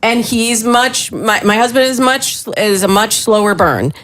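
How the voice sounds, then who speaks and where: An upbeat woman speaks as a dating coach on a talk show. She gives advice in a lively, reassuring way that keeps moving quickly. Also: on the high side.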